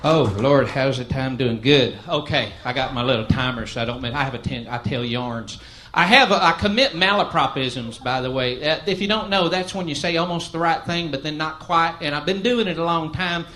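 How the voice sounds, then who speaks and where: A man's voice: on the high side, normal speed, pushed and bright. A man from East Tennessee with a Southern accent, a stand-up comedian spinning folksy, self-deprecating stories on a club stage. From East Tennessee, USA. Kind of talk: stand-up storytelling. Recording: noisy live club recording.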